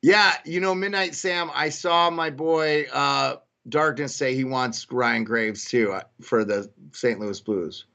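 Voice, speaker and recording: A man's voice: mid-range voice, takes it slowly, creaky, hardly any pauses, bright, forceful tone. A young man hosting a live stream, chatting casually with viewers and reacting to news as it comes in. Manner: casual, greets chat viewers by name, thinking aloud. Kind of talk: live chat commentary.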